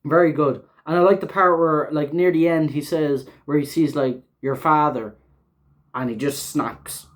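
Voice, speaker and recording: A man with a slightly high voice hosts a casual reaction recap. He rambles from point to point, leaning on fillers and restarts and swearing freely. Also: fairly even intonation, a little slow. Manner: rambling, filler-heavy, swears often, laughs while talking. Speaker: show host reviewing an episode.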